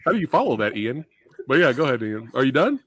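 A man's voice: mid-range voice, big pitch swings, fast, a bit bright, husky. A man hosting a casual movie discussion, jokey, passing turns to guests. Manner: jokey, hands turns to others.

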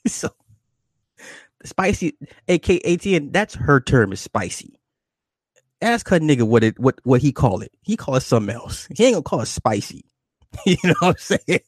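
A man hosting a livestream, answering viewers' questions in a loose, profane, rambling way and jumping up in pitch when he greets people. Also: sing-song, normal speed, long pauses, breathy edge, dry recording. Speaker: livestream host reading chat. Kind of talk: casual livestream chat.

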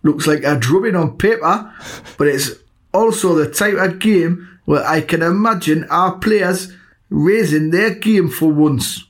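A man putting on a Geordie accent to voice a North East football fan reading a gloomy match preview, with his pitch lifting at the ends of phrases. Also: measured pace, lightly acted. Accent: Geordie, as put on.

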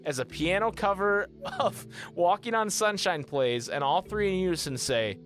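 An animated man reads a silly fan script aloud on a comedy podcast, his pitch bouncing as he goes. He sits a little high for a man, with faint music underneath. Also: moderate pace. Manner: animated, laughing through narration. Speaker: podcast host.

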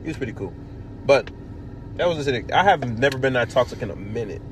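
A man hosting a podcast in casual chat, telling profane, animated stories. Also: mid-range voice, quick pace, noisy background. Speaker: podcast host.

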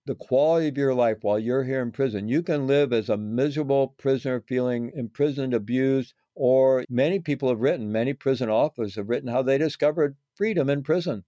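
A man's voice: mid-range voice, fairly quick, few pauses, warm tone, dry recording, muffled recording. A man talking as an interview guest, earnest and reflective, often restarting words and adding "right?" tags. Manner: earnest, repeats words, adds tag questions. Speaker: guest, former prisoner teaching meditation practice.

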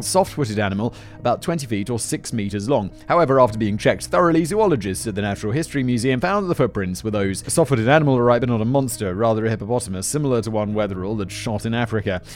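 A man's voice: mid-range voice, animated, fast, soft background music. A man presenting a scripted narration, often breaking off into chatty, self-deprecating tangents.

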